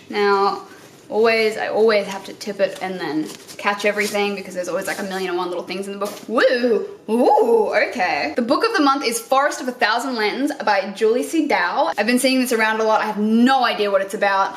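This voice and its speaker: A young Australian woman in her twenties chatting excitedly about books while unboxing, gushing and swearing freely. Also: medium pitch, roomy sound, slight background noise. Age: 20s. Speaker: book vlogger. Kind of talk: casual unboxing chat. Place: indoor room under lights.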